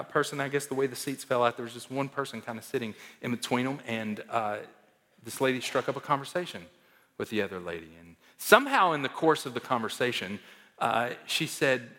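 A man preaching a sermon as pastor, emphatic, swinging between loud declarations and hushed asides. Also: mid-range voice, in a large hall.

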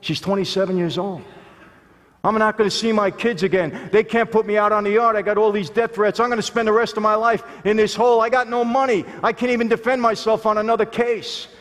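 A man's voice: high-pitched, fairly even intonation, brisk, fairly bright tone. A man giving an earnest, emphatic testimony speech to a live audience in a large hall, often calling out to them directly. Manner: earnest, emphatic, addresses listeners as "people". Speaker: speaker telling his life story to an audience. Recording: long hall reverb.

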